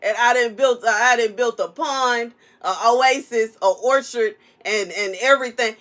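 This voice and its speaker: A woman giving a casual prophetic message, animated and playful, preaching straight to the listener. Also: on the high side, a little slow, few pauses. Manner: animated, preachy, playful, African American Vernacular English. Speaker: prophetic content creator.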